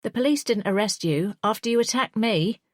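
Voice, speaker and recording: A bitter, cold woman snaps back with biting sarcasm, voiced by a woman narrator. Her voice sits low in a dry, close recording. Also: a little slow, no room sound. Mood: angry. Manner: sharp, biting retorts. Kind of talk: audiobook dialogue.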